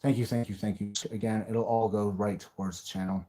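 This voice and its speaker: A man's voice: lowish voice, steady tone, brisk, warm tone. Blunt man hosting a livestream. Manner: blunt, rants and raves, swears. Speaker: livestream host. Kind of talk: live-stream reaction chat.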